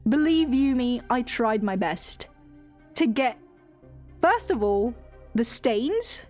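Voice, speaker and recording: A woman's voice: a little high, sing-song, takes it slowly, darkish tone, faint music behind. A woman streamer telling a rambling story in casual chat. She swears freely and laughs often.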